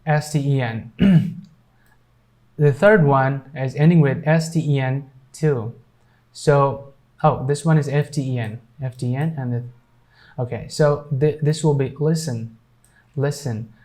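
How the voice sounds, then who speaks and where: A man teaching English pronunciation, spelling out words letter by letter with many pauses and fillers. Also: medium pitch, a little mellow. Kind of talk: slow explanatory lesson.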